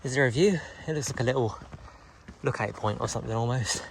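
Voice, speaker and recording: A man's voice: mid-range voice, quick pace, gravelly, background noise. A man chatting casually to his camera as he walks, muttering asides to himself. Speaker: vlogger. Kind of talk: casual walking vlog narration. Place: outdoors on a hill walk, with traffic nearby.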